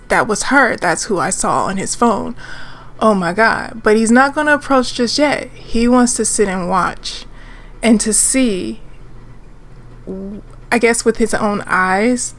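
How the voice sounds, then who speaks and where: A woman narrates a life-sim drama in a relaxed, rambling way, full of "you know" and restarts. She takes her time over every sentence. A faint ambient hum sits behind her. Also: medium pitch. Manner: chatty, rambling, many fillers and restarts. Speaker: let's-play narrator. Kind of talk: casual game story narration.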